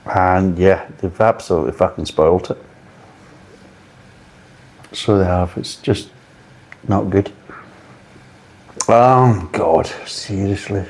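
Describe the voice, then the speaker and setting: Brief: low-voiced, mellow man, blunt and exasperated beer reviewer who swears freely. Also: slow, long pauses.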